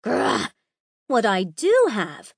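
A woman's voice: medium pitch, big pitch swings, measured pace, no room sound, clean studio sound. A woman voicing a smug, teasing mother figure with a sing-song, condescending manner in an audiobook.

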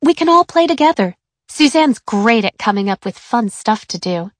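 A kind, eager young schoolgirl, quick and reassuring, in a woman narrator's near-own voice. Close, dry storybook reading. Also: fairly high pitch, expressive, dry recording, lightly acted. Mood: friendly. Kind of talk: audiobook character voice.

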